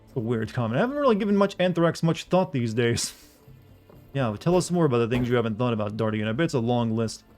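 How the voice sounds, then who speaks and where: A male streamer chatting casually to his viewers over gameplay in a flat, deadpan tone. His pitch sits in a middle range. Faint game music plays behind him. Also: quick pace. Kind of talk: casual live-stream commentary.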